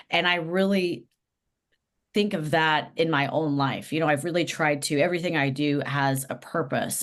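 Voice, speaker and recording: Woman, nonprofit leader, deep for her sex, thoughtful and sincere interview guest. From Los Angeles, US West Coast. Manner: earnest, reflective storytelling. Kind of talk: podcast interview.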